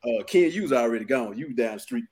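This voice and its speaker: A man's voice: mid-range voice, fast talker, creaky, a little hiss or hum. A man, a barber, telling a shop story in a casual group chat, laughing and acting out the voices of the people in it. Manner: animated, laughing, acts out voices.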